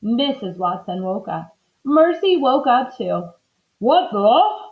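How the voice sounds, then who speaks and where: A woman reads a children's storybook aloud at an unhurried pace. Her pitch is bright and high and moves up and down with every turn of the story. The recording sounds slightly dull and lo-fi. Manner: expressive and animated. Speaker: storybook reader. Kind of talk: children's book read-aloud.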